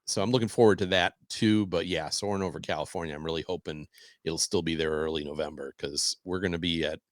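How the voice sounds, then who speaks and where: A middle-aged man co-hosting a podcast, talking in a relaxed, rambling way with small chuckles. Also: low voice, fast talker, no room sound, clean studio sound. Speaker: podcast co-host. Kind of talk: casual chat.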